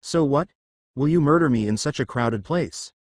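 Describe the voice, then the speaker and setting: A man voicing a calm young American hero officer who talks with dry understatement. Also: medium pitch, moderate pace, no echo, lightly acted. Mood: wary.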